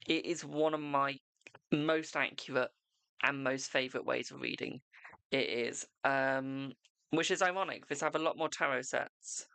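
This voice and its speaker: Gravelly, chatty tarot host. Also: medium pitch, moderate pace, sharp tone, no room sound. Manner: chatty, swears freely, self-mocking. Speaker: tarot reader and live stream host. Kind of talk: casual live stream chat.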